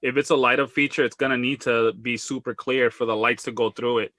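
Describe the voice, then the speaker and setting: A man co-hosting a live toy collecting podcast, talking in an excitable, rambling way with frequent laughs and dry sarcasm. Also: medium pitch, fairly quick, dry recording. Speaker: co-host of a toy collecting show. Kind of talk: casual live podcast chat.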